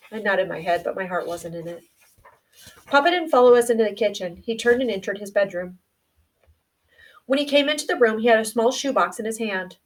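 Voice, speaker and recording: A woman reading a novel aloud in a quiet, subdued storytelling manner. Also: medium pitch, animated, a little fast, recorded from a distance. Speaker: audiobook reader.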